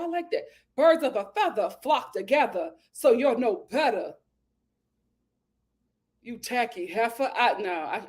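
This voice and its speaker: Animated high-voiced woman recapping TV. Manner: animated and sassy, acting out quotes with big laughs. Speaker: reality TV recap host. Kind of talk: casual chat recap.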